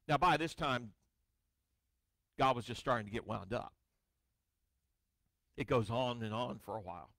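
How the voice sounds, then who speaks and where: A male pastor preaching a sermon, reading scripture dramatically with wry storytelling asides, his voice swinging from booming to hushed. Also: lively intonation, a little slow, creaky, long pauses, no room sound. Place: church sanctuary.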